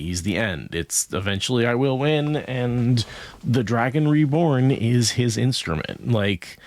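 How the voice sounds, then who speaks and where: Low-voiced man musing on a podcast. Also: dry recording. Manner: thoughtful, rambling with many "right?" asides. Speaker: podcast co-host. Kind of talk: casual book discussion.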